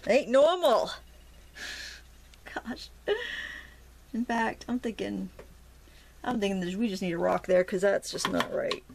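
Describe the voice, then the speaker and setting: Middle-aged woman, Maine accent, slightly gravelly, chatty art teacher, casual and playful. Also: mid-range voice, a little slow, pauses often. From Maine, USA. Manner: chatty, self-talking while painting, playful asides. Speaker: watercolor instructor. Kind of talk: casual painting tutorial.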